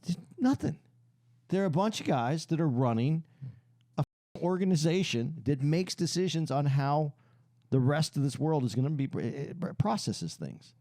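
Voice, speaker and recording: A man's voice: on the high side, animated, mellow, no room sound, studio quality. A man co-hosting a podcast, explaining his views earnestly with frequent restarts. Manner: halting, restarts often, lectures earnestly. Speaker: podcast co-host. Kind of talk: casual podcast discussion.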